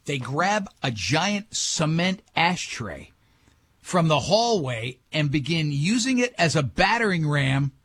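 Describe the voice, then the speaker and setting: An older man, a talk show host, telling a long story in casual chat, animated and laughing often. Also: a little high, takes it slowly, breathy edge.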